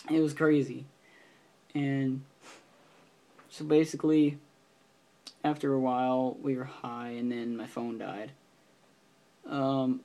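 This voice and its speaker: Gravelly-voiced teenage guy rambling on. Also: medium pitch, warm tone. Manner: rambling, with frequent fillers and restarts. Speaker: vlogger. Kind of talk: casual storytelling vlog.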